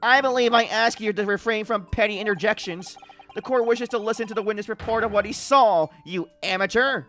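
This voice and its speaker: A man's voice: on the high side, big pitch swings, a little fast, fairly bright tone, soft background music. A man voicing a stern male judge in a video game, declaiming like a stage actor. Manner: commanding, theatrical courtroom declamation.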